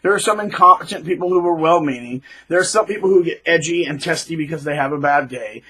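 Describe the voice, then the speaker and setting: A man talks straight through a rambling commentary, dropping sarcastic asides. His voice is husky and sits a little high for a man. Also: fast talker, bright, forceful tone, poor audio. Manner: rambling, sarcastic, with many fillers and restarts. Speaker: channel host. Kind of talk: ranting monologue commentary.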